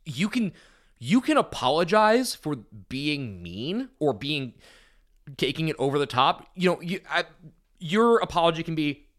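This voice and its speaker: A man co-hosting a casual recap podcast, talking in an animated way and acting out quotes. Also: on the high side, unhurried. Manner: animated, acts out quotes in a shifting voice. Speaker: podcast co-host.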